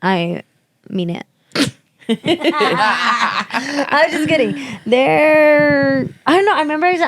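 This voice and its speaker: A woman's voice: high voice, expressive, slow pace, long pauses, fairly bright tone. A young woman chatting on a podcast, playful and joking in short eager replies. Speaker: podcast co-host. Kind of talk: casual chat.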